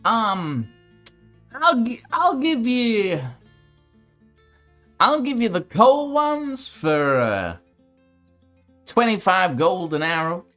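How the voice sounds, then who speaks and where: Eccentric old shopkeeper, male, played by a man, high and swooping, slow sing-song delivery, accent that wanders. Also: sing-song, sharp tone, faint music behind, exaggerated voice. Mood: haggling. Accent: wobbly put-on accent of no fixed place. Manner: drawn-out, sing-song, relishing his wares. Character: gleeful old male arrow merchant, eccentric.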